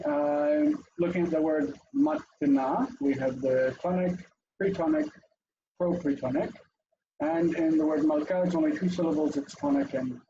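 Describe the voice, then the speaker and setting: A man teaching a class over a video call, lively and explaining step by step with many fillers, heard through dull, lo-fi call audio. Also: fairly high pitch, gravelly, slight background noise.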